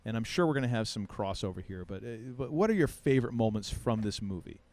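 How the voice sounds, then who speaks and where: A man hosting a casual podcast chat, talking in an animated, playfully contrarian way with many restarts. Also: fairly low pitch, fast. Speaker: podcast host.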